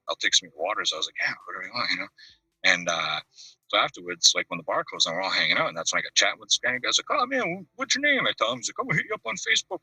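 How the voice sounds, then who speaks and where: Husky, lively man telling stories. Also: lowish voice, no room sound. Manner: rambling anecdotes, acts out the voices of the people in them. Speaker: caller. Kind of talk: casual storytelling. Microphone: video call. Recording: distant mic on a video call.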